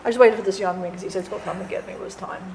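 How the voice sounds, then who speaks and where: A woman channeling a departed friend, telling her story in an earnest, halting way with many restarts. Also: medium pitch, steady tone, gravelly, a little mellow. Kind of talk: spiritual channeling testimony. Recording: roomy echo, faint background noise.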